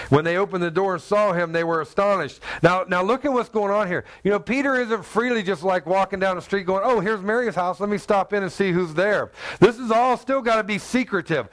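A male pastor with a high, fairly bright voice delivers a conversational sermon. He speaks straight to his listeners and acts out the people in the story.

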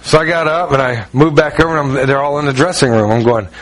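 A man with a Southern US accent, from Ohio, preaching in a relaxed, folksy, self-mocking way with many fillers. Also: medium pitch, quick pace. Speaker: pastor. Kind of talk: conversational sermon.

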